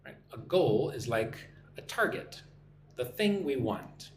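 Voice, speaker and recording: An American man teaching English on a live stream, speaking slowly and repeating phrases for learners to copy. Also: medium pitch, very animated, reverberant, slight background noise. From United States. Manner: slow, careful, repeats phrases for learners to shadow.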